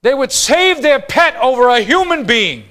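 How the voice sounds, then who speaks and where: A man preaching a sermon as pastor, swinging from quiet, low lines to fast, loud bursts. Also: sing-song.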